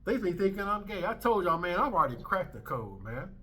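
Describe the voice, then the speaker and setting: A man's voice: high-pitched, sing-song, a little fast, bright, forceful tone. A man in his thirties hosting a commentary vlog, ranting in a brash, emphatic way and swearing freely. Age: 30s. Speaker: commentary channel host.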